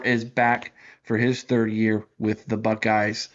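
A man's voice: lowish voice, level tone, slow, highs cut off. A man co-hosting a sports podcast, running through player lineups in casual chat and sometimes stumbling over names. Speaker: podcast co-host.

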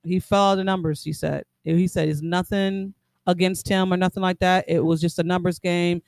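Guy cohosting a sports podcast, high voice with lots of gravel, dry mic, rambles along. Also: little pitch movement, moderate pace, no echo. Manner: laid-back, rambling, stumbles over names. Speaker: podcast co-host. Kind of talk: casual sports podcast chat.

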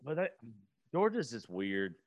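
A man's voice: mid-range voice, very animated, a little slow, darkish tone, muffled recording. A man, chatting casually and telling rambling stories with plenty of swearing. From US South. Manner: rambling storyteller, swears freely. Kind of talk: casual chat.

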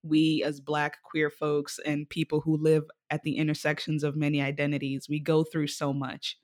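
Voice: mid-range voice, monotone, moderate pace, no echo. Affirming host with a dry, close sound. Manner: affirming, loose, casual swearing. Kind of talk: casual supportive conversation.

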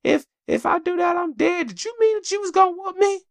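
A man's voice: brisk, vocal fry, fairly bright tone, no room sound, studio quality, heavily acted. A man doing a wondering little girl of four. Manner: high, wondering, rambling child voice. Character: emotional little girl, four years old.

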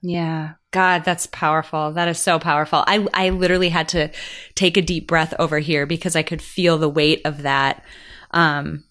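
An upbeat woman in her thirties hosts a podcast conversation with a slightly low voice. She talks emphatically and earnestly, leaning hard on her key points. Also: flat delivery, moderate pace, a bit bright. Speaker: podcast host. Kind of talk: casual conversation.

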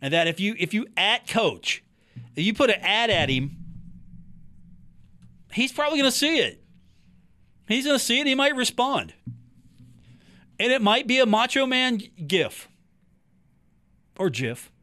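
A man's voice: very high-pitched, animated, moderate pace, pauses often, sharp tone. A man hosting a sports podcast from a talk booth, chatting casually and animatedly about a college football coach and teasing his co-host.

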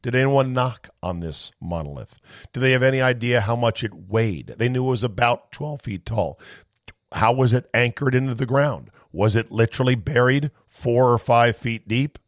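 A male podcast host delivering an incredulous, ranting monologue with loud outbursts and low asides, then chatting casually with a guest. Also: normal speed, dry recording, clean studio sound. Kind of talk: animated monologue and casual chat.

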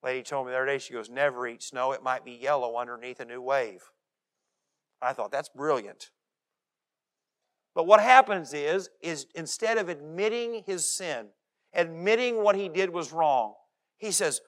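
A male pastor preaching a sermon, animated, and often acting out the voices of the people he quotes. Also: mid-range voice, moderate pace. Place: church.

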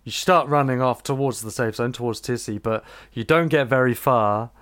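A man's voice: medium pitch, normal speed, fairly bright tone. Laid-back man narrating as game master.

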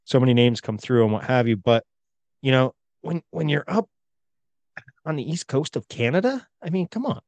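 A man's voice: mid-range voice, moderate pace, a little mellow, no room sound. A man co-hosting a podcast in a crude, rambling casual chat. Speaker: podcast co-host.

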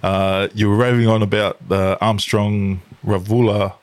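A man's voice: lowish voice, flat delivery, unhurried, no room sound. Laid-back male podcast host. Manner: laid-back, chatty, laughs often. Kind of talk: casual podcast interview chat.

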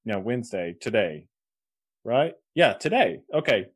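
A man's voice: fairly low pitch, very animated, a little slow, slightly rough. A man co-hosting a podcast in casual chat, rambling with restarts and laughing mid-sentence. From Kansas. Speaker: podcast co-host.

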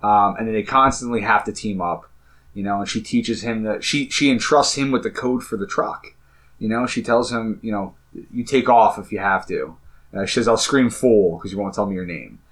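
Low-voiced earnest man retelling scenes. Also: normal speed, a bit bright. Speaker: podcast co-host. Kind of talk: casual film discussion podcast.

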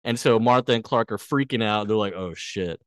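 A man's voice: lowish voice, normal speed, smooth, dry recording, studio quality. Casual man recapping, voicing characters. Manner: animated retelling, acts out characters' lines. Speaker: podcast co-host recapping a TV episode. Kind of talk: casual chat.

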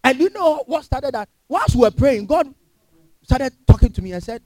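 Lively high-voiced pastor preaching. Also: male voice, normal speed, no echo. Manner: emphatic preaching with rhetorical questions to the congregation. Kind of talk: sermon. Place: church.

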